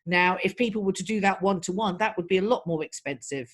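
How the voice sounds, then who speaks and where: A middle-aged woman, a guest in an interview, giving practical marketing advice in an even, steady way. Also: medium pitch, quick pace. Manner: practical, advising, even-paced. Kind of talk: interview answers.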